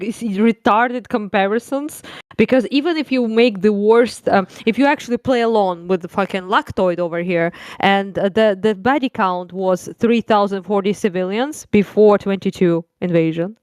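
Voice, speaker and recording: A woman from Ukraine speaks bluntly and swears freely in a casual discussion. Her voice is smooth and resonant, recorded dry and close. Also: mid-range voice, no room sound. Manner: blunt, profane, exasperated. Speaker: guest commentator.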